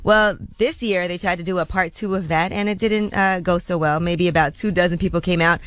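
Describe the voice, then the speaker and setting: A woman's voice: on the low side, fairly even intonation, fairly quick, a bit bright, no echo. A woman co-host reading news on a morning radio show. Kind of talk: news reading and casual chat.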